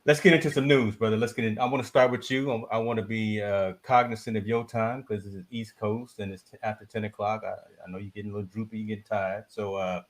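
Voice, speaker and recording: Male podcast host, lowish voice, loose joking banter, casual live show. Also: fairly even intonation, fast talker, few pauses.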